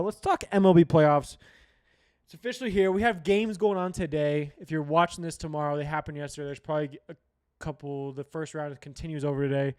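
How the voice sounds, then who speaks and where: A man's voice: fairly high pitch, smooth. A man from Colorado hosting a sports show, ranting bluntly in casual talk with a lot of swearing and repeated restarts. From Colorado, USA. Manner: restless, restarts and repeats himself.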